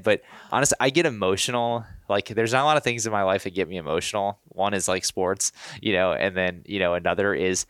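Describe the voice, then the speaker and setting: A very low-pitched man hosts a podcast, talking in an earnest, rambling way full of "you know" and restarts. The sound is dry and close, with no room echo. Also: brisk, few pauses, fairly bright tone. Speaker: podcast host. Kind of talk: casual interview chat.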